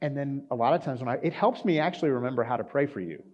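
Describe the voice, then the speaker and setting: A man's voice: medium pitch, animated, very fast. Conversational pastor, man, slightly dull sound. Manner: conversational, with fillers and acted quotes. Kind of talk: sermon.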